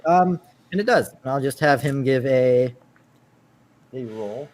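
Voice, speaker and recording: A man running a tabletop game as game master, narrating casually in a halting way with many filler words. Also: mid-range voice, expressive, darkish tone.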